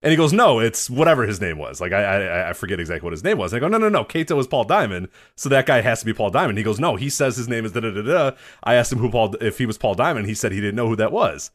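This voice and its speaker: Male podcast co-host, rapid lively storyteller, profane and laughing. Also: fairly low pitch. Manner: animated, swearing, laughs often, acts out quotes. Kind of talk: casual storytelling chat.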